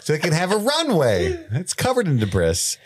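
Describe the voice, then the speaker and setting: A man's voice: on the high side, moderate pace, slightly rough, no echo, studio quality. A man co-hosting a podcast, recapping an episode in casual chat, swearing and acting out the characters' lines. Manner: animated, swears, acts out quotes. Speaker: podcast co-host.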